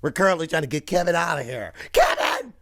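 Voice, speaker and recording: A man's voice: a little high, rapid-fire, vocal fry, fairly bright tone. A man casually reacting to comedy clips, rambling and laughing along. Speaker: reaction video host.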